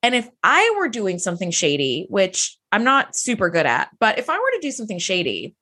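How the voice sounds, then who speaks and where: A woman co-hosting a podcast, recapping an episode in easy, casual chat. Her pitch swings widely from phrase to phrase, sitting at an ordinary middle height, and she keeps slipping into character voices for quoted lines. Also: brisk. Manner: chatty, animated, acts out quotes in character voices. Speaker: podcast co-host.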